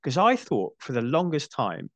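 A man's voice: fairly high pitch, huge pitch swings, normal speed, dry recording. A man in his forties hosting a podcast, chatting casually about films with frequent restarts and dry asides. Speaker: podcast host. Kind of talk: casual film discussion.

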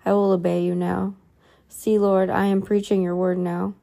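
A woman's voice: medium pitch, level tone, moderate pace, gravelly, mellow, close to an everyday voice. A woman reading the lines of a bitter, self-righteous damned woman who pleads for release. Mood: pleading.

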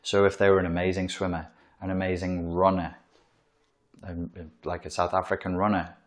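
Low-voiced and flat, this man speaks at a moderate pace in an informal psychology lecture, writing on a board. His style is blunt and profane, and he acts out quoted voices.

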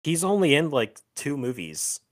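A man's voice: on the high side, sing-song. A man co-hosting a podcast, chatting casually with lots of fillers, restarts and little laughs. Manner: halting, many fillers and restarts, laughs often. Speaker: podcast co-host. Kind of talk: casual chat.

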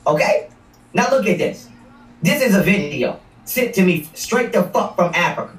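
Expressive and sitting high, this man's voice moves at a normal speed as he hosts a livestream. He rants in a profane, combative style, hammering points through repetition, and the sound is echoey from a mic set far off.

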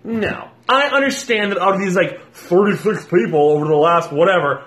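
A man co-hosting a casual chat, animated and laughing, swearing freely and restarting his sentences. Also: high-pitched, normal speed. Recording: echoey room.

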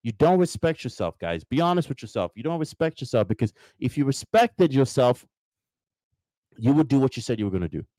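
Hosting a live motivational talk, a man speaks fairly quickly in a mellow, mid-range, sing-song voice, with no room sound. He repeats his points emphatically and addresses his viewers directly.

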